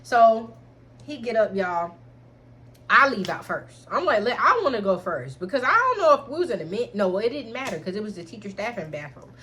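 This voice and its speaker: A woman's voice: on the high side, sing-song, moderate pace, fairly bright tone, slight background noise. A young adult woman vlogger telling a candid storytime in frank slang, keeps addressing listeners as y'all.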